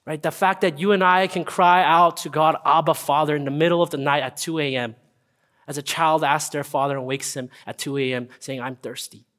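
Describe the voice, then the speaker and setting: A young man preaching a casual, earnest sermon, often checking in with listeners with a quick "right?". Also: a little high, fairly even intonation, fairly bright tone. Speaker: pastor. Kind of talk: conversational sermon.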